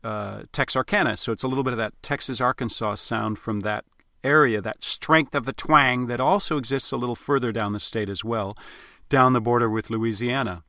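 A man giving a recorded accent lesson, explaining sounds in a clear, instructive way. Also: mid-range voice, fairly even intonation, moderate pace, sharp tone, dry recording, studio quality. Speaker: accent coach.

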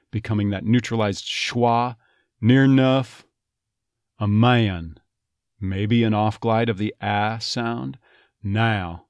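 A man coaching an accent, explaining vowel and consonant changes in a slow, deliberate way. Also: on the low side, no room sound, studio quality. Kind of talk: dialect lesson.

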